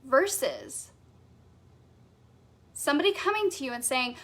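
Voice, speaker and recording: High-pitched, bubbly woman coach; enthusiastic live-class teacher. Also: expressive, measured pace, a bit bright. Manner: bubbly and enthusiastic, reads out chat comments. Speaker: business coach.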